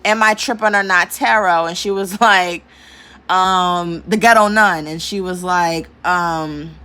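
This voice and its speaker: A woman vlogger telling a personal story in a casual rant, animated, laughing often and cursing freely. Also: lowish voice, a little slow, clear, resonant tone. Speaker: spiritual vlogger.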